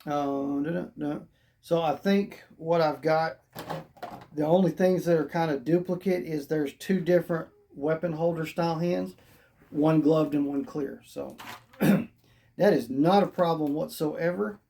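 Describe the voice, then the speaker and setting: A hoarse toy reviewer who says they are losing their voice, narrating an unboxing in a chatty, rambling way and thinking out loud. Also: mid-range voice, a little slow.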